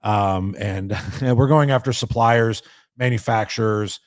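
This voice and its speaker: A man's voice: on the low side, unhurried, no room sound, clean studio sound. A man hosting a live show, chatting casually, crude and joking, swearing freely. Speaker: podcast host.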